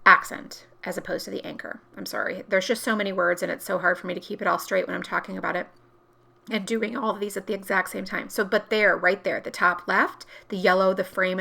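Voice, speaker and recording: A woman's voice: medium pitch, creaky, pushed and bright. A woman talking casually through a planner crafting tutorial, chatty and explaining each step as she works, correcting herself now and then.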